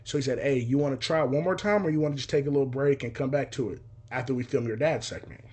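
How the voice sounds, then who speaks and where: A man's voice: mid-range voice, fast, a little mellow, slightly rough. A young man casually telling a story from his childhood, acting out dialogue with sound effects. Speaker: podcast host telling a story.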